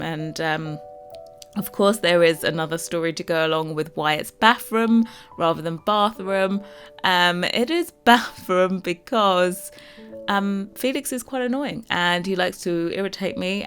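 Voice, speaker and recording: Londoner woman, lowish voice, casual rambling chat to viewers, soft music underneath. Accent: London English. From London, England. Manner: chatty and rambling, lots of fillers, self-teasing. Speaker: Sims builder and YouTuber.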